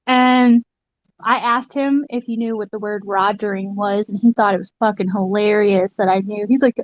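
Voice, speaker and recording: A woman's voice: mid-range voice, moderate pace, no room sound. An American woman in casual group chat, brash and swearing, laughing through her stories. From United States. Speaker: participant in online group chat.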